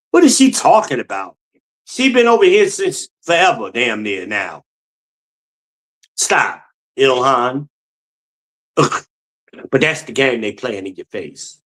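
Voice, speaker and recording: A man's voice: on the high side, fairly bright tone. Blunt, profane man ranting solo. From New Jersey. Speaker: podcast host. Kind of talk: solo opinion commentary.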